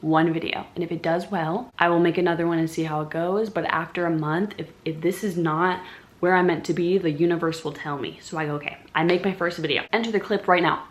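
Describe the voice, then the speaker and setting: A young woman telling a casual storytime vlog, animated and profane, often talking straight to her viewers. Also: fairly low pitch, brisk. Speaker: vlogger.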